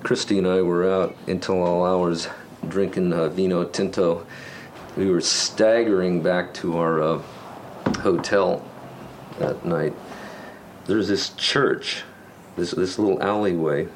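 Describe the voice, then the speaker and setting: A man with a very low voice recalls an anecdote in an archival interview. He rambles and restarts often, searching for words, and a faint noise sits under the recording. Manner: rambling, halting, with many fillers and restarts. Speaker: songwriter being interviewed.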